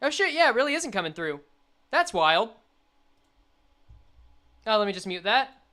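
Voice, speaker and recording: A young woman streaming a game, chatting and reading the story aloud, animated and quick to laugh. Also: a little high.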